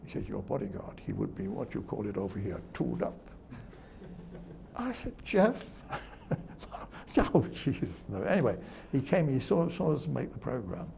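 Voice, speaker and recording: With a lowish voice full of vocal fry, this older television presenter tells anecdotes in an interview at a measured, animated pace. He chuckles and acts out quoted voices while background noise sits behind him.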